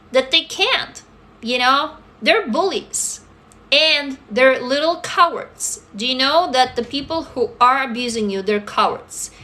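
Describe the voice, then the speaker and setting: Woman, high bright voice, blunt and profane, livestream chat into a phone. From Russia. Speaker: livestream host answering viewers.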